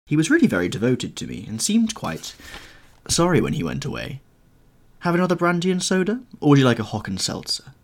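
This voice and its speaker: A man's voice: wildly swooping pitch, a little fast. A man putting on a languid, petulant young dandy. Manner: airy and languid, with sudden high lilts. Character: languid, petulant young gentleman, bored and witty. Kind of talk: audiobook character reading.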